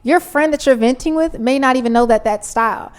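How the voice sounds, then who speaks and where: A woman's voice: sits high, fairly quick, smooth. Earnest young woman explaining in casual chat. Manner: explains earnestly with many restarts. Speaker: podcast co-host.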